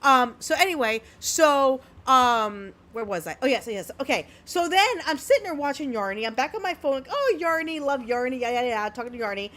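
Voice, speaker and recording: A woman's voice: high voice, animated, brisk, hardly any pauses, a bit bright. A woman co-hosting a podcast, telling a story in a brash, swear-filled casual chat. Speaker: podcast co-host.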